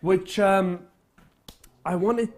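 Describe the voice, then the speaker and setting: A man hosts a live charity broadcast. His voice sits very high, and he talks in a friendly, halting way with plenty of restarts. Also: fairly even intonation. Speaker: charity telethon host.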